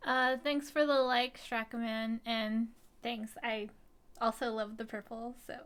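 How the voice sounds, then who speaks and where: A woman's voice: a little high, level tone, unhurried, fairly bright tone. A woman co-hosting a live film discussion stream, chatting casually with lots of fillers and little hedges.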